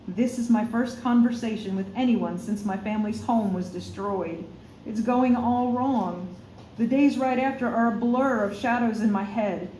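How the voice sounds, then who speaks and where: A woman author reads her first-person storybook aloud, measured and expressive, tripping over a word now and then. Her voice sits in a middling pitch. The room sounds roomy, with a faint hiss behind. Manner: measured, expressive, with small slips. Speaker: author reading her book. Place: studio for a radio show.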